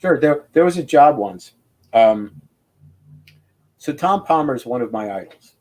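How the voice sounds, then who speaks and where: A man's voice: mid-range voice, lively intonation, unhurried, a little mellow. An older man chats over a video call about his craft. He rambles and tells stories with animation, restarting his sentences as he thinks aloud. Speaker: comic book inker, guest. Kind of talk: casual video interview.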